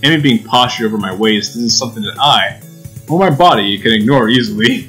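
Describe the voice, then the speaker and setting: A man's voice: mid-range voice, lively intonation, a little fast, a bit bright, soft background music, poor audio. A young man hosting a let's play, reading visual novel text aloud with casual, giggly asides.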